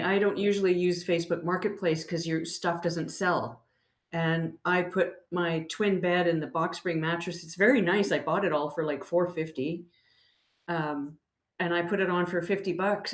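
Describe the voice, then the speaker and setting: A woman's voice: lowish voice, fairly even intonation, normal speed, reverberant. A woman hosting a casual podcast chat, tired from poor sleep, telling candid stories. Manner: candid, storytelling with laughs. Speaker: podcast host.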